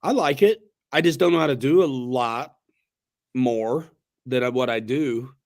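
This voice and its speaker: Speaking at a measured pace in a mid-range voice, a male host runs a relaxed livestream chat. He's slangy and rambling, often starting over mid-thought.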